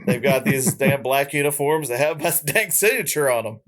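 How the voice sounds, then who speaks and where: A man doing a comic impression of a gruff ghostly old country singer with an exaggerated Southern drawl. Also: medium pitch, lively intonation, moderate pace, fairly bright tone, voice pushed up, close to an everyday voice. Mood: folksy. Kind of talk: comic impression within a story.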